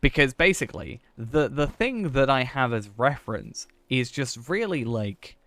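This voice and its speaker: A man's voice: medium pitch, sing-song, unhurried, a bit bright, no echo. A man streaming a game, chatting casually and thinking aloud in a rambling, self-mocking way. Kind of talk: casual gameplay chat.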